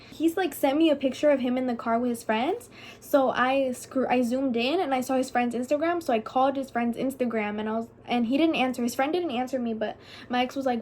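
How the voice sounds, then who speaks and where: High-voiced young woman telling a story. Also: a little fast, darkish tone, slight background noise. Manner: chatty and profane, heavy use of "like". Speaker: vlogger. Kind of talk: casual storytime.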